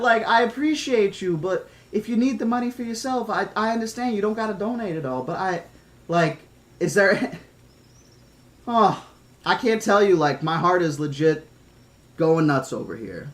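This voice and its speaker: A man streaming live gets emotional and close to tears, stammering his thanks to viewers in casual chat. His voice is high-pitched and expressive at a normal speed, and he's a streamer who reads novels aloud.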